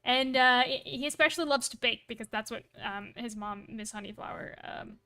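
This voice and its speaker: A woman livestreamer chatting casually, rambling with many asides and self-corrections, playful and quick to laugh at herself. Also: a little high, pushed and bright, clear, resonant tone. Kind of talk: casual storytelling on a live stream.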